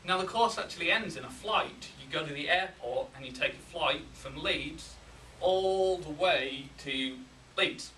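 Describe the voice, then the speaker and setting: A Yorkshire man delivers a humorous contest speech with deadpan timing, his voice bright and a bit high. The sound is roomy and distant, as if picked up from across a hall, with a faint hiss behind it. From England. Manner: deadpan comic timing, pausing for laughs. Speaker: contest speaker.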